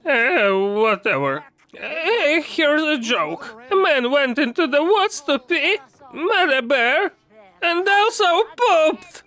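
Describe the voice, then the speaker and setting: A man's voice: very high-pitched, big pitch swings, takes it slowly, sharp tone, heavily acted. A man voicing a rambling old village grandma who tells crude jokes. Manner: chatty, rambling.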